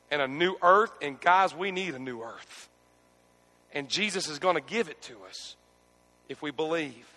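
A male pastor preaching with high, gravelly intensity, his voice ringing out in a big church. He swings from loud, dramatic outbursts to near-whispered moments. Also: in a large hall. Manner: dramatic, swings between shouting and near-hushed speech. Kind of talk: sermon.

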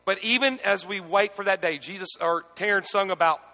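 A male pastor preaching with high, gravelly intensity, his voice ringing out in a big church. He swings from loud, dramatic outbursts to near-whispered moments. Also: fairly quick, in a large hall. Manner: dramatic, swings between shouting and near-hushed speech. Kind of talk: sermon.

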